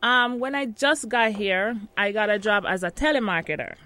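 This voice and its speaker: A woman's voice: mid-range voice, moderate pace, bright, forceful tone. A woman in her thirties from Jamaica with a Jamaican accent, chatting casually in an interview and laughing often.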